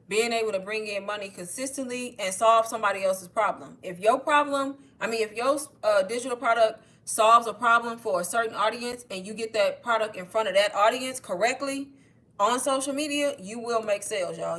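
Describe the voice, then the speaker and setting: A woman talking casually on a livestream, pitching online courses, slightly out of breath and calling her viewers "y'all". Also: a bit bright. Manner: chatty, addresses viewers as y'all. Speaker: online marketing creator. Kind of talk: casual livestream sales talk.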